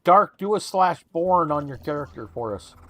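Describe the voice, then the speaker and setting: A man's voice: fairly high pitch, expressive, moderate pace, a bit bright, no room sound. A man chatting casually and joking with friends in a game voice chat. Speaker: gamer on a group voice chat.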